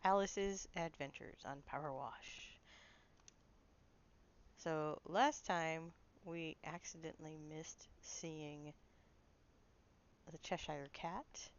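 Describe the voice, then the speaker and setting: A woman's voice: sits low, clean tone, muffled recording. A woman streaming a game, chatting casually, apologetic and laughing at herself. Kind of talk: casual gameplay chat.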